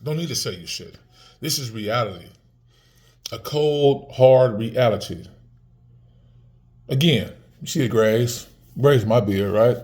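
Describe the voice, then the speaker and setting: On the low side with a darkish tone, this vlogger in his forties talks casually to the camera. His speech runs heated and profane, with frequent restarts and repeated words.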